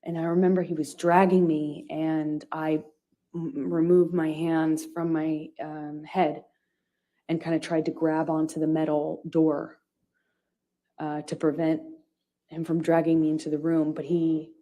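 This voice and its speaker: A woman giving courtroom testimony in a halting way, with many restarts and pauses. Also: low voice, level tone, dark tone, lo-fi sound. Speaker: witness testifying.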